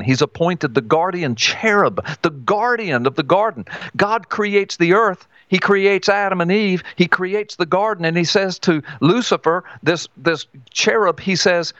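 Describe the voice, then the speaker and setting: A man's voice: a little high, fairly bright tone, no room sound. Emphatic male Bible teacher, lo-fi sound. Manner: emphatic, asks and answers his own questions. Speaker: guest author. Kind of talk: Bible teaching on talk radio.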